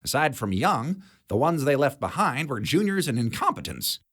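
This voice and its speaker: A man narrating a sci-fi audiobook chapter in a steady, measured way. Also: mid-range voice. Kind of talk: scripted narration.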